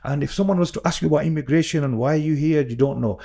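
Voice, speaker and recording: Earnest gravelly man, dark tone. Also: fairly high pitch, racing. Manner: earnest, repeats words, many fillers and restarts. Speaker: podcast guest, imam. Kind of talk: casual podcast conversation.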